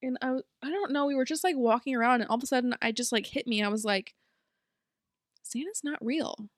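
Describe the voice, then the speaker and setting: A young woman co-hosting a podcast in casual chat, telling a rambling story that she breaks up with quick bursts of speech. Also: fairly high pitch, no echo, clean studio sound. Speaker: podcast co-host.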